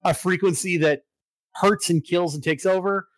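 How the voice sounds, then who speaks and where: An excitable man in casual chat, walking through a video game story with plenty of filler words and the odd curse. His voice sits a bit high for a man and sounds close and dry, with no room around it. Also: moderate pace, no room sound, low-quality recording. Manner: excitable, swears, lots of fillers. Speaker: podcast co-host recapping a video game.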